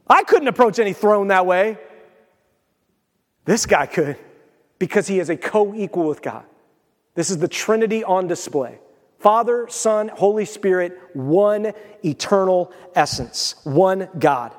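High-voiced preacher in an echoing hall. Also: male voice, measured pace. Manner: animated preaching that swings between loud and hushed. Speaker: pastor. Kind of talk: sermon. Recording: long hall reverb.

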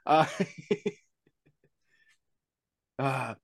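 A man's voice: mid-range voice, fairly even intonation, very slow, no echo, clean studio sound. A man hosting a podcast interview in an easygoing way, laughing often and stumbling over restarts. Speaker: podcast host. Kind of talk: casual interview chat.

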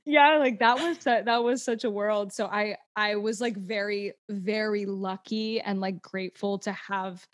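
A woman's voice: medium pitch, steady tone, measured pace, few pauses, dry recording, studio quality. A young woman with an American accent, a musical theatre performer chatting as a guest, full of fillers and restarts. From United States. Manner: chatty, lots of "like" and restarts, laughs easily. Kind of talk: casual chat.

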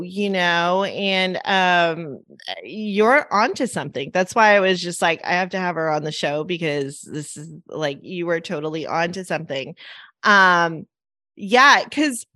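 A woman's voice: lowish voice, pushed and bright, dry recording, studio quality. A woman hosting a podcast, telling a long anecdote in a rambling, casual way with frequent fillers and acted-out voices. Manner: rambling, many "like" and "right?" fillers; acts out quoted voices. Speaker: podcast host. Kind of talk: casual chat, anecdotal storytelling.

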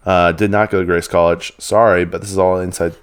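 A man's voice: low voice, flat delivery, fairly quick, clean tone. A young man co-hosting a podcast, laid-back and rambling in casual chat, laughing often. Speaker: podcast co-host.

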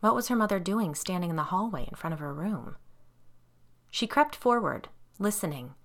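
A woman reading an audiobook in a measured, suspenseful narration. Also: fairly low pitch, lively intonation, fairly bright tone.

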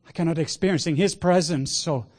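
A man preaching a sermon with passion, moving between hushed words and loud exclamations. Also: a little high, brisk. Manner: sprinkles in laughter and cries of "whoa".

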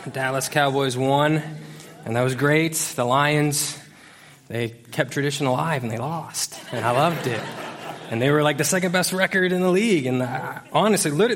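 A man's voice: mid-range voice, fairly bright tone. A man preaching as youth pastor to a church congregation, talking in a casual, joking way with lots of fillers and restarts. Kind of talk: conversational sermon. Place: church service before a congregation.

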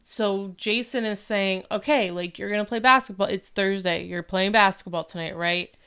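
Smooth-voiced woman retelling a TV episode. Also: medium pitch, moderate pace. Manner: animated retelling, acting out characters' lines. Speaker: podcast co-host. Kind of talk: casual chat recapping a TV episode.

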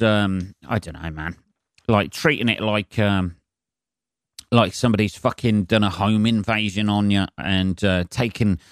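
A man's voice: fairly low pitch, clean tone, dry recording, studio quality. A man hosting a solo comedy podcast, ranting in a sweary, sarcastic and rambling way. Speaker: podcast host.

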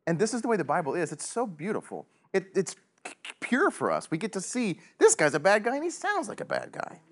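Animated man teaching the Bible. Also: a little fast. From United States. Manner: animated, joking, big pitch swings, chuckles often. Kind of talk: casual Bible study teaching.

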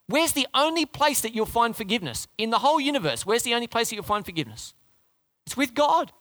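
A male pastor delivers a sermon with a high, lively voice that leaps around in pitch. He is emphatic and keeps firing rhetorical questions at the congregation, and the sound is close and dry. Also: fast, no room sound.

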